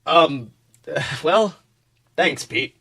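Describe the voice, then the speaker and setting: A man playing an awkward young guy, flustered and stumbling over his words. The voice is bright and sits a touch high for a man. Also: drawn-out words, gravelly, husky, full character voice. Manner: nervous and hesitant.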